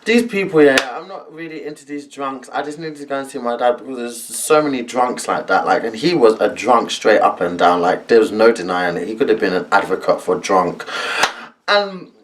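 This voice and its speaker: A young man telling a story in an animated, laughing way, full of slang. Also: medium pitch, normal speed. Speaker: vlogger. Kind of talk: storytime vlog.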